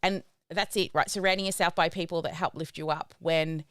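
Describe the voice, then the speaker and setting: A woman's voice: lowish voice, fairly even intonation, a little fast, fairly bright tone, clean tone, no echo, clean studio sound. A woman hosting a live podcast, chatting casually and affirming her guest. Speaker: podcast host.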